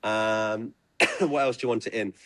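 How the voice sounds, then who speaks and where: Low-voiced man, hesitant interview answers. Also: fairly even intonation, measured pace, fairly bright tone, no room sound. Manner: hesitant, many fillers.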